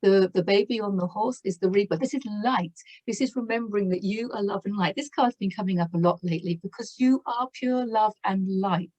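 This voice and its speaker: A woman with a voice of ordinary middle pitch, talking warmly and effusively through a spiritual tarot reading. She exclaims in wonder and laughs often between her points. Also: fairly quick, hardly any pauses, poor audio. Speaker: tarot reader.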